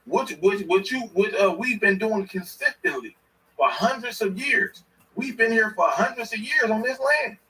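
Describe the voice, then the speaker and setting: Man, confrontational ranting commentary, high bright voice, off-mic. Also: animated, moderate pace, distant mic, poor audio. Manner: heated, repetitive, confrontational. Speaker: commentator reacting to a clip.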